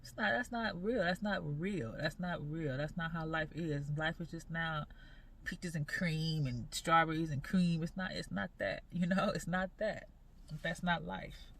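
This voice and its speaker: A woman in her forties talking earnestly in a personal faith vlog, halting and repeating her phrases as she goes. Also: deep voice, steady tone, a bit bright. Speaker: vlogger.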